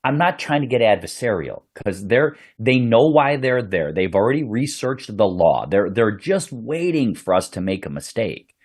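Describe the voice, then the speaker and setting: Brief: male police podcast host, husky and low, lively up-and-down delivery, earnest. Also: normal speed. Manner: earnest, repeats words as he thinks. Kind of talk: casual interview chat.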